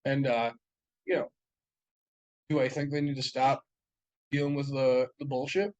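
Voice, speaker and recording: A young man co-hosts a casual podcast chat, telling long, profane, rambling stories packed with fillers and laughter. His mid-range voice has a level tone and a darkish color, and he speaks at a measured pace. The recording is rough.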